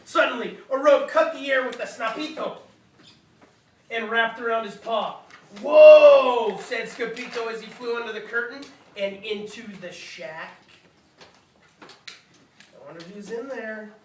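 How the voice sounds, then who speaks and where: A woman reading a picture book aloud to children, unhurried, with chatty asides to her listeners. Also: fairly high pitch, a bit bright. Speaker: storybook reader. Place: room with live listeners. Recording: echoey room, reader far from mic, faint hiss.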